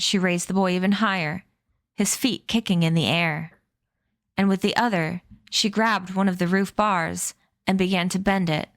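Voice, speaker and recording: A woman streamer narrating a novel aloud in a steady, even reading voice. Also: on the low side, no room sound, studio quality. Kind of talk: read-aloud storybook narration.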